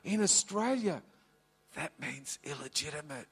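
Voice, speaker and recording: A man's voice: on the high side, expressive, a little slow, fairly bright tone, slightly rough, heavily acted. A man voicing a startled young husband.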